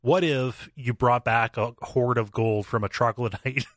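A man's voice: medium pitch, measured pace, dry recording. Laid-back podcast guy, dry close mic, laughs a lot. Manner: relaxed, agreeable, laughs easily. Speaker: podcast co-host. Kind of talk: casual chat.

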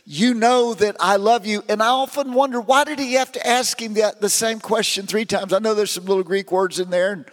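A man preaching a sermon in a notably high voice, his words trailing off into the long reverb of a large hall. He tells his stories with rising and falling emphasis, building up and then dropping low. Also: fairly even intonation, fairly quick, hardly any pauses.

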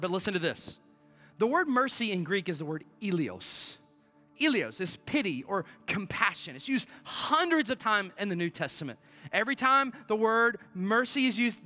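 A high, bright-toned man delivering a sermon. He moves between loud, emphatic preaching and quiet, hushed storytelling. Faint music plays underneath. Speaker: pastor.

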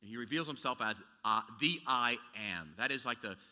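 A man's voice: medium pitch, expressive, normal speed, pushed and bright, big-room sound. A man preaching a sermon as a pastor, talking conversationally with rhetorical questions and frequent restarts.

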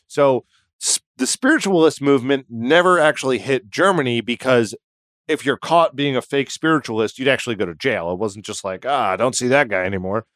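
A man's voice: medium pitch, no room sound, clean studio sound. A man hosting a comedy podcast, casually telling a history story and acting out the characters in it. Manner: animated, acts out characters in the story.

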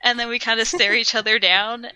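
Bright-voiced woman gamer rambling on a podcast. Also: a little high, flat delivery, brisk, clean tone, no room sound, rough recording. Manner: rambling, giggly gamer storytelling. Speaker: podcast co-host. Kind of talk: casual podcast chat.

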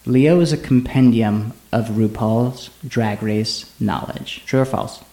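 A man's voice: medium pitch, slow pace, vocal fry, mellow. A man hosting a casual podcast, chatty and joking with mock sponsor asides. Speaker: podcast host. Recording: echoey room recording.

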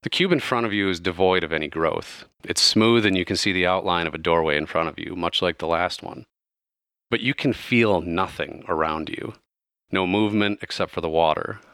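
Low-voiced, bright game master. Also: male voice, moderate pace, smooth, no echo, clean studio sound. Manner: casual, loose narration full of fillers. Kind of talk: narrating a tabletop game.

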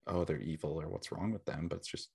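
A male podcast host speaking in a slow, thoughtful, gentle way. His voice is very low and husky. It has a gravelly edge. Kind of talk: interview questions and reflective chat.

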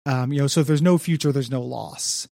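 Young male podcast co-host, gravelly, dry close sound, rambling casual chat. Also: medium pitch, fairly quick, warm tone, dry recording. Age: young adult. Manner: rambling, heavy on fillers. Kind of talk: casual comics discussion.

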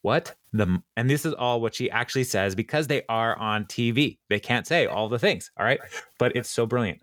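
A man hosting a podcast, retelling a TV episode in casual chat, with many ums and quick laughs. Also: mid-range voice, lively intonation, pushed and bright, no room sound. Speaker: podcast host recapping a TV episode.

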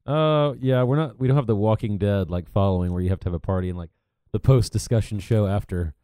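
A man's voice: lowish voice, fast, mellow, clear, resonant tone, dry recording, clean studio sound. A man co-hosting a podcast in casual banter, teasing dryly and laughing often. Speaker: podcast co-host.

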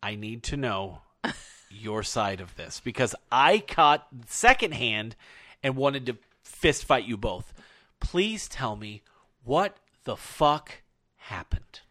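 Swearing, animated podcast host with bright voice. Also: male voice, mid-range voice, slow. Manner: profane, animated, emphatic storytelling. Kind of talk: casual storytelling chat.

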